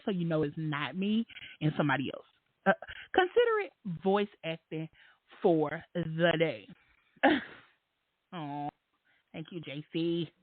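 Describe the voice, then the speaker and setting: A woman hosting a casual call-in show who talks in a slangy, animated, candid way and swears freely. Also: lowish voice, dry recording. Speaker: podcast host. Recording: dry, tinny phone-like line.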